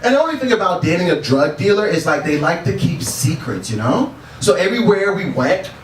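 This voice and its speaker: A male stand-up comic with a fairly high voice, talking in a laid-back way and chuckling after his own punchlines. His pitch moves around a lot. The mic sits at a distance in an echoey bar, with clear room ambience behind. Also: very animated, fairly quick, slight background noise. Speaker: stand-up comedian. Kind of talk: stand-up set. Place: bar stage.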